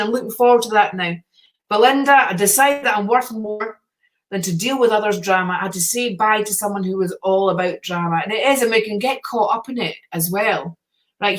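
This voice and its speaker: A woman's voice: medium pitch, a bit bright. Chatty encouraging woman on a live stream. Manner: chatty, encouraging, swears casually. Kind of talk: casual live-stream chat reading viewer comments.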